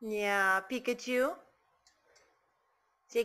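Woman pet owner, slow sing-song baby talk with cooing and whispers, high and swooping voice. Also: expressive, gravelly, a little hiss or hum. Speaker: pet owner talking to her bird.

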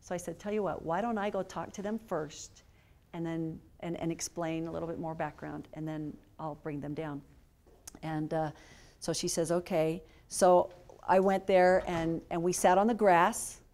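A woman's voice: sits low, fairly even intonation, normal speed. Earnest woman telling a lecture story. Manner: earnest, hushed when moved, many fillers. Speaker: guest speaker. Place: lecture hall.

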